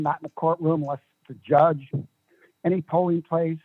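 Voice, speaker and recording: A man's voice: on the high side, flat delivery, moderate pace, dry recording. Fired-up guy at the podium arguing with the county board, kinda muffled dry audio. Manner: emphatic, argumentative, rhetorical questions. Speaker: resident giving public comment. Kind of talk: public comment at a county meeting.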